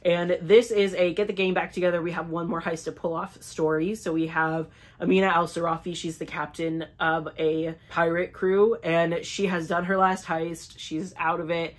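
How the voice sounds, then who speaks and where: A man's voice: a little high, level tone, normal speed. A man chatting casually as a book vlogger, gushing over editions with lots of filler words and playfully dramatic asides. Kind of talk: casual book haul chat.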